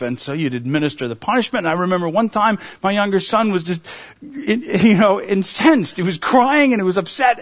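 A middle-aged man preaching a sermon, earnest and emotional, his voice climbing toward a near shout at the high points. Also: lively intonation, a little fast. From United States. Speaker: pastor.

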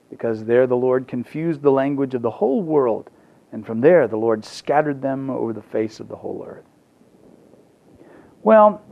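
A man's voice: medium pitch, muffled recording. A man preaching a sermon, telling stories with humor and often restarting his sentences. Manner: lively storytelling with humor and restarts. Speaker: pastor.

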